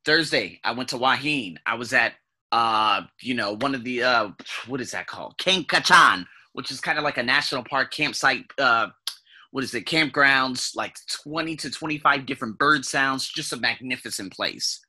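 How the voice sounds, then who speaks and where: A man with a piercing, tense and very bright voice and a husky edge tells a personal story to the camera. He speaks casually and with animation, swears freely, and now and then imitates sounds. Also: medium pitch, lively intonation, normal speed. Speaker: vlogger.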